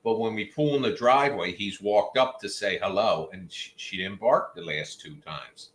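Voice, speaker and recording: A man's voice: lowish voice, normal speed, fairly bright tone. A man hosting a livestream, telling rambling, jokey stories in a casual chat with his viewers. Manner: chatty storyteller, jokey asides. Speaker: livestream host. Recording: roomy echo.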